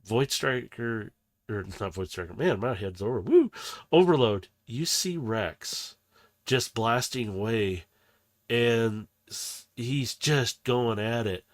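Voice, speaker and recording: A man narrating a tabletop game as game master, in a loose, chatty, animated way. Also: medium pitch, slow pace, no echo.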